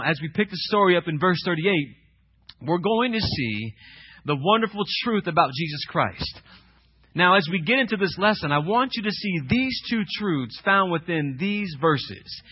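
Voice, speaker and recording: A man preaching a sermon as pastor, swinging between loud, emphatic questions and hushed scripture reading. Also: sits high, slightly rough, lo-fi sound.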